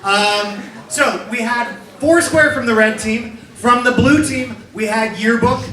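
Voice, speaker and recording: Young male emcee, jokey, high bright voice, live improv show, echoey hall from far off. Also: measured pace.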